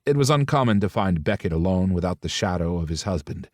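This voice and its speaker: A man's voice: low voice, expressive, brisk, a little mellow, dry recording. A man narrating a romance audiobook, switching into different voices for the characters' dialogue.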